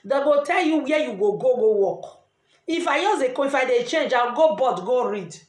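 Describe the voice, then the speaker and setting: A middle-aged woman with a Nigerian Pidgin English accent, earnestly giving lively advice in a casual vlog. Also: high voice, moderate pace. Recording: echoey room.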